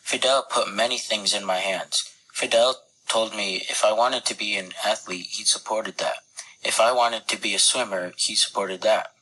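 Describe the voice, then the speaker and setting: A man reading a first-person account aloud in a calm, measured, reflective way. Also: lowish voice, slightly rough, poor audio.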